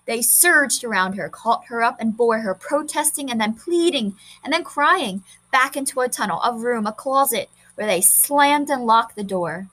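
A woman reading a short story aloud in a measured, expressive way. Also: on the high side, rough recording. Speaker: narrator.

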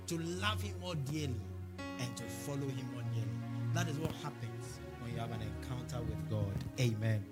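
A man's voice: mid-range voice, expressive, normal speed, over music. A man preaching a sermon as a pastor, with fervent, repeated declarations and prayers.

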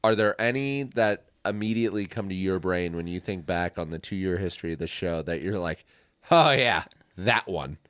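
Brief: easygoing Midwest podcast co-host, man, lowish voice, dry close mic. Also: fairly even intonation, fairly quick, few pauses, clean tone, no echo. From American Midwest. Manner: easygoing, steers the conversation. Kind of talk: casual chat.

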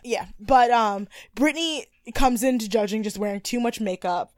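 A woman's voice: a little high, normal speed, no room sound. Chatty woman podcast co-host, dry sound. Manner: animated, swearing, laughs often. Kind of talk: casual recap chat.

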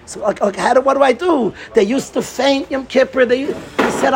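A middle-aged man giving an informal Torah talk to a group, excitable and repetitive, often restarting his sentences. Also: very high voice, normal speed, creaky, few pauses, a little hiss or hum. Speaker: Torah teacher.

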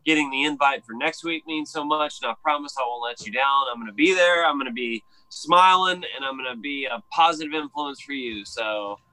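Southern guy cohosting, bright sharp voice, rambly with lots of uhs, hyped. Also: mid-range voice, fairly quick, few pauses, low-quality recording. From Southern United States. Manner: rambling, filler-heavy and enthusiastic. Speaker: podcast co-host. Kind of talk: casual podcast chat.

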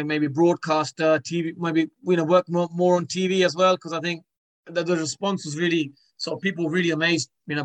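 A man being interviewed as a guest, talking in a halting way with many restarts and repeated words. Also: on the high side. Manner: hesitant, repeats words often. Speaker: guest, former cricketer. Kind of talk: casual interview.

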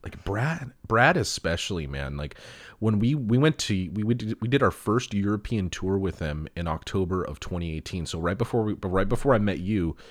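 A young man with a very low, deep voice swaps road stories in a loose, rambling way. He curses freely and breaks into laughter often. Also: lively intonation, moderate pace. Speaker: touring band musician. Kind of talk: casual chat.

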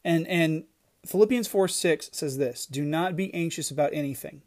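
A man's voice: a little high, normal speed, darkish tone. Earnest man giving a devotional talk. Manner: earnest, emphatic preaching with frequent restarts. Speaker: podcast devotional speaker.

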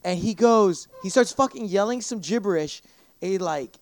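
A man's voice: high-pitched, moderate pace. Rambling, foul-mouthed young man telling a story. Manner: profane, rambling, animated retelling with acted-out quotes. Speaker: podcast guest. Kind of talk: casual storytelling.

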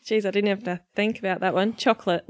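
A woman's voice: medium pitch, fairly even intonation, fast, no room sound, clean studio sound. Easygoing Australian woman scientist guest. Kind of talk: casual chat.

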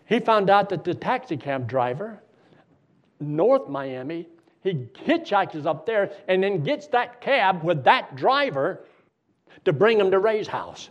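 A man preaching a sermon as a lively story, acting out the voices of the people in it. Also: sits high, slow, dull audio. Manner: animated storyteller acting out dialogue.

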